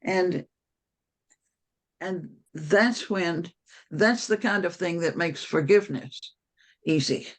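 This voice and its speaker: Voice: mid-range voice, slow pace, pauses often, low-quality recording. A speaker on a members' video call, telling a personal story in a rambling, anecdotal way with frequent restarts.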